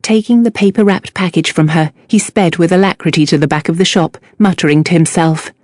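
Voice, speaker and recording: A woman narrating a novel audiobook in a measured, even reading. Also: deep voice, no room sound. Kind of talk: scripted narration.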